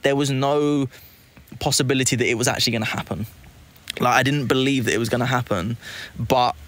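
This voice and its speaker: A man, a hypnotist guest, telling an animated story in casual conversation, acting out quotes and swearing freely. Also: medium pitch, fairly quick.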